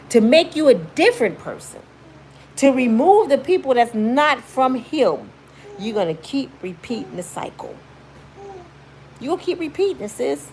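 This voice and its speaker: A woman's voice: a little high, slight background noise. A woman in her fifties giving blunt, emphatic, sermon-like motivational commentary on her YouTube channel.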